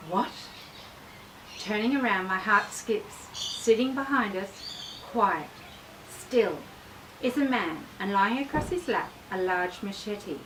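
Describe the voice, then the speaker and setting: A woman, an author reading her travel memoir aloud in a measured, expressive way. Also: medium pitch. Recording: distant mic with faint background noise.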